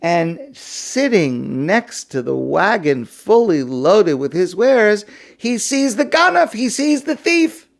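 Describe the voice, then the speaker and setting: A male rabbi delivering a sermon, telling a parable with expressive, storytelling delivery. His voice sits a little high and moves with lively swings of pitch. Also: slow pace, vocal fry.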